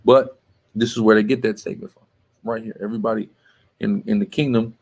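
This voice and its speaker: A man leads a Bible class in a forceful, emphatic way. He scolds his students and keeps checking with a quick "right?". He breaks in to tell the reader to read on. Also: fairly low pitch, little pitch movement, creaky. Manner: emphatic, tags statements with "right?". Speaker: teacher leading a Bible class.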